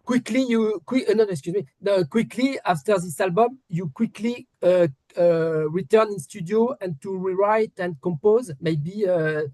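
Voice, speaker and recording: A man's voice: high voice, moderate pace, few pauses, mellow, dry recording. A man from France with a French accent, interviewing a musician in English, his second language, with many hesitations and restarts. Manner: hesitant, restarts often, polite apologies.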